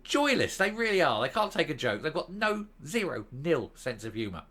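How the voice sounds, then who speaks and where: A man's voice: a little high, sing-song, moderate pace, fairly bright tone. A man hosting his own political opinion show, ranting with scorn and sarcasm. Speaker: host.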